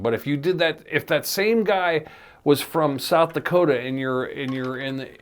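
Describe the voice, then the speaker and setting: A man co-hosting a podcast in casual chat, a comedian who laughs often and slips into loud put-on voices. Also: medium pitch, moderate pace.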